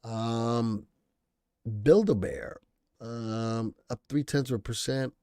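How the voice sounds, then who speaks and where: Man, live stock-analysis host, casual, thinking aloud, mid pitch, dry close sound. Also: steady tone, takes it slowly, warm tone, clear, resonant tone, no echo. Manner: casual, thinking aloud, reading viewer comments. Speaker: stock market show host.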